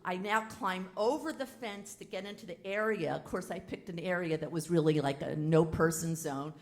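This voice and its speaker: A woman telling a personal story live on a theater stage, animated and frank, acting out the dialogue as she goes. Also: fairly low pitch, normal speed. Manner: animated, dramatic retelling with quoted dialogue; casual and frank. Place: theater stage before an audience.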